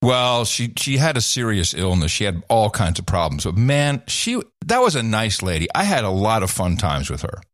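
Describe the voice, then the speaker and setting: A man's voice: lowish voice, sing-song, normal speed, few pauses, no room sound, clean studio sound. A middle-aged man and host telling a story in casual chat. He rambles, restarts his sentences often and laughs now and then. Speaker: podcast host and former radio/TV host.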